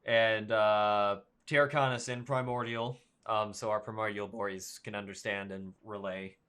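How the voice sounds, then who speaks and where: A man narrating as dungeon master of an online tabletop game, halting and full of ums and restarts. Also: fairly low pitch, flat delivery, fairly bright tone, smooth.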